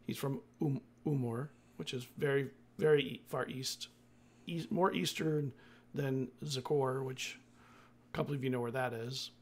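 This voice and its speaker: A man's voice: mid-range voice, steady tone, a little slow. A man acting as game master, recapping the last session of a tabletop game in a loose, chatty way that often corrects itself.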